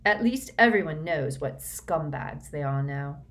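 A woman's voice: sits low, expressive, a little slow. A woman voicing a defiant teenage boy who answers with fierce sarcasm. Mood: sarcastic defiance.

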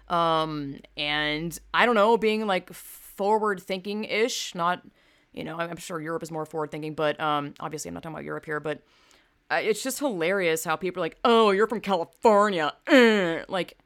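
A slightly low-pitched woman who grew up in the American South rants casually to camera. She is blunt and profane, wanders between thoughts and fills gaps with ums and likes. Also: fairly bright tone. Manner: blunt, profane, rambling with many fillers. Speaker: vlogger. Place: home in California.

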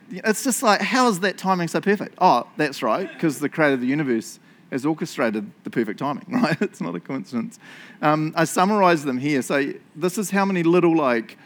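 Male preacher, sermon, lively pitch, slightly high voice, jokey, laughs often, asks listeners questions.

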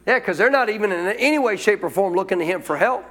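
A man's voice: high voice, expressive, fast, fairly bright tone, long reverb tail. A male pastor preaching a sermon in a conversational way, often asking the congregation questions.

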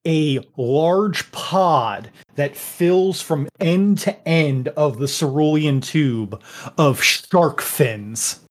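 Laid-back game master narrating. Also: male voice, on the high side. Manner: rambling, casual, many fillers.

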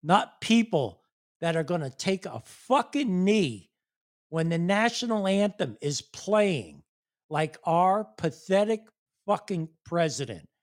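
Speaking slowly and heavily, a streamer delivers a profane political rant to his online audience, swearing nonstop and laughing in sheer disbelief. His high voice jumps around wildly.

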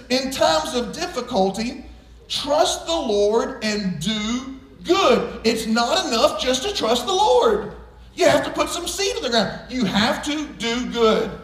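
Heard from well off the mic amid roomy church echo, a pastor with a very high voice addresses his congregation in the sanctuary. His sermon is forceful and folksy, relying on humor and homespun anecdotes.

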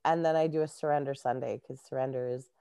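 Low-voiced Canadian woman, chatty. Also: fairly even intonation, fast talker, creaky, dark tone, smooth, no echo, studio quality. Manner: chatty, laughs often. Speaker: guest, life coach. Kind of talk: casual interview chat.

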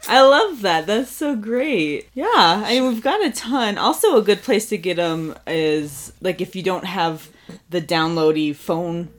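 A woman co-hosts a podcast in loose, casual chat. Her voice sits a little low, and she sounds tired and relaxed, laughing easily between her lines. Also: unhurried. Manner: relaxed, laughs often, sleepy. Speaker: podcast co-host.

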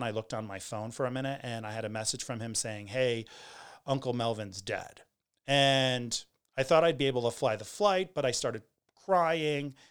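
A man in his forties, talking candidly to camera in a conversational way, trailing off with pauses and restarts. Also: on the high side, clean tone. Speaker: vlogger telling a personal story. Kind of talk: candid personal storytelling.

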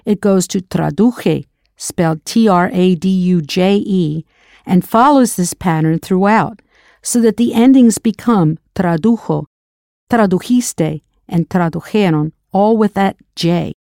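A woman's voice: fairly low pitch, a little slow, creaky, mellow, no echo, clean studio sound. A woman teaching a recorded language lesson, spelling words out letter by letter and asking the listener to answer. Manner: spells words letter by letter, then prompts the learner.

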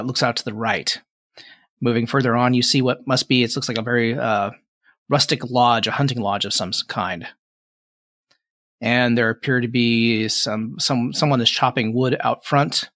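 A man narrating as game master, halting with fillers and restarts as he describes the scene. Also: medium pitch, a bit bright, dry recording, studio quality.

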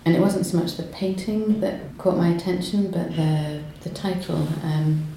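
A low, mellow-voiced woman speaks hesitantly, stopping and restarting as she explains her work, then reads poetry aloud. The room is strongly echoey, with faint noise behind her. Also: normal speed. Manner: hesitant, lots of ums and restarts when talking. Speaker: poet guest. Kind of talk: conversational interview and poetry reading. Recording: roomy echo, faint noise.

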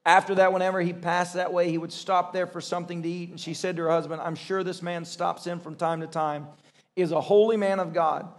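A male pastor preaching a sermon to a church congregation, lively and excitable, breaking into shouts as he tells stories. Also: fairly quick. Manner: excitable, bursts into high shouts when storytelling. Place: church service.

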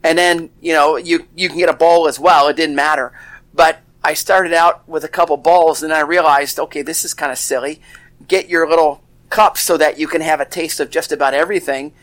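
Rambling man with a higher voice. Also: steady tone, a little fast, fairly bright tone. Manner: rambling, with frequent restarts and "you know". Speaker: co-host. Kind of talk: casual chat.

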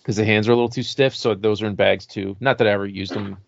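A man's voice: on the low side, fast talker, gravelly, dull audio, noisy background. A man co-hosting a podcast, chatting casually and rambling with lots of filler words. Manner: relaxed, rambling with many "like" fillers. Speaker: podcast co-host. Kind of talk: casual chat about horror toys.

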